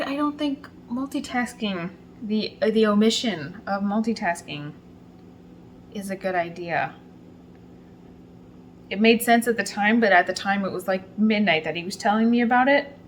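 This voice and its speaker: A woman hosting a casual home vlog, talking through her work in a chatty, self-deprecating way with quick bursts of speech. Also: mid-range voice, slight background noise, rough recording. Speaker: soap maker and channel host. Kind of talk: casual vlog narration while working.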